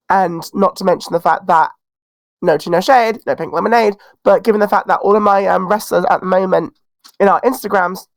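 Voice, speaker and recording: A man's voice: high voice, dry recording. A man with a cold, a wrestler guest talking in a casual podcast interview, sassy and outspoken. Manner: sassy, outspoken, self-assured. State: has a cold.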